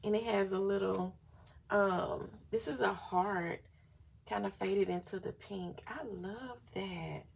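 A woman's voice: medium pitch, level tone, a little slow, creaky, breathy edge. A woman vlogger chatting casually through a planner flip-through, gushing and often saying y'all.

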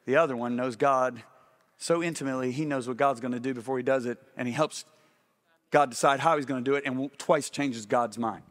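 A middle-aged man preaching a sermon, animated and often asking the congregation if they follow him. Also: medium pitch, fairly quick.

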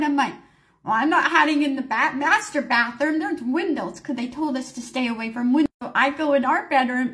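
A woman in her forties with a high voice tells a personal story in a casual vlog. She talks animatedly and acts out the panicked lines of everyone in it. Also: fairly bright tone. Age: 40s. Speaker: storyteller vlogger.

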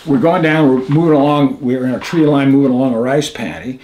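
A man's voice: mid-range voice, a little fast, a little mellow, slight background noise. An older man, a veteran being interviewed, telling stories animatedly, acting out the lines of others and laughing often. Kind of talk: storytelling interview.

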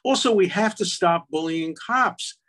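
A man's voice: high-pitched, a little slow, a bit bright. Emphatic older man arguing a point. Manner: argumentative, emphatic, frequent restarts. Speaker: guest, attorney and law professor. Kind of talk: casual conversation.

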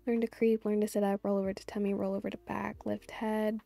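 A woman's voice: medium pitch, little pitch movement, fairly quick, vocal fry, mellow, dry recording. A woman giving casual let's-play commentary, gushing and chatty as she plays. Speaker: gameplay YouTuber.

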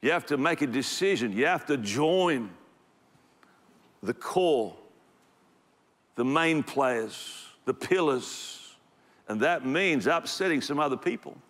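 A man's voice: on the high side, lively intonation, slow pace, long pauses, a bit bright. A man preaching a sermon in a church, in an emphatic, conversational way. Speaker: pastor. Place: church auditorium. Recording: echoey hall reverb.

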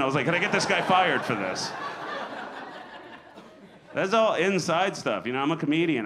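A male comedian in his thirties telling stories on a club stage, with an ordinary mid-range voice. He acts out quotes with sudden loud jumps. The live club recording carries clear audience noise behind him. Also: mid-range voice. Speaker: stand-up comedian. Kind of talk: stand-up comedy set. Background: audience laughter.

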